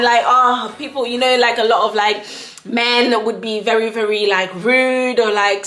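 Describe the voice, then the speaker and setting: A woman's voice: a little high, pushed and bright, roomy sound. A young woman from Ghana with a Ghanaian English accent, telling a casual storytime vlog, chatty and laughing often as she acts out exchanges. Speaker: vlogger.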